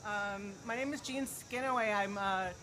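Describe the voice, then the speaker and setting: A woman's voice: mid-range voice, moderate pace, sharp tone, poor audio. A woman from Minnesota giving an earnest protest speech outdoors, with frequent fillers. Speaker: rally speaker. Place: outdoor rally.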